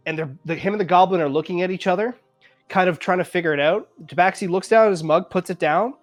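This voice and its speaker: A man from Canada narrating a tabletop game as game master, loose and chatty. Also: high voice. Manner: loose, lively narration with many fillers.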